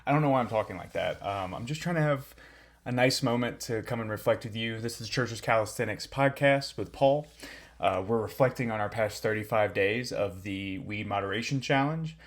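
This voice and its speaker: A young man hosting a fitness podcast, talking in a calm, earnest, reflective way with frequent filler words. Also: on the low side, normal speed. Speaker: podcast host and personal trainer.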